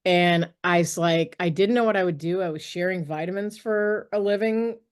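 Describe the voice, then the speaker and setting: A middle-aged woman with a fairly low voice tells her story on a video call. She speaks in an animated way, laughs often and slips into the voices of the people in her story. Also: moderate pace, clean tone. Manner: lively, laughs often, acts out quoted dialogue. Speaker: podcast guest.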